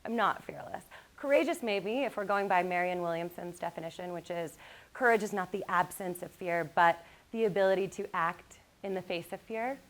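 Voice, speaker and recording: A woman giving a live motivational talk, telling lively personal stories with frequent laughs and speaking directly to the audience. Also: on the low side, normal speed. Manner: animated storytelling, laughs often, addresses the crowd.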